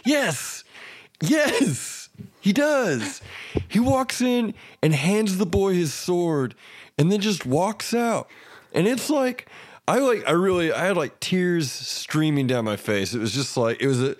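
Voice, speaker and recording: A man's voice: high voice, big pitch swings, measured pace. A man hosting a podcast, animatedly retelling movie scenes in casual chat and laughing often. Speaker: podcast host.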